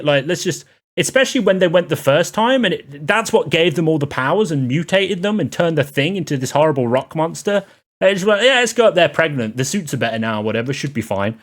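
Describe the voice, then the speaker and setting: A man giving a sarcastic, rambling spoken film review, full of exasperated asides. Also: on the high side.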